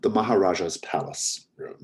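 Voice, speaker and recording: A man's voice: low voice, moderate pace, slightly rough. A man narrating as game master of a tabletop role-playing game, rambling with many fillers and restarts.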